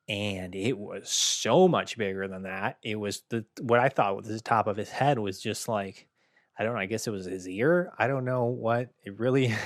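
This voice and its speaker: A young man hosting a podcast, telling a comic story in a deadpan, self-mocking way. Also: on the low side, dry recording, studio quality. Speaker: podcast host. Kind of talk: comedic storytelling monologue.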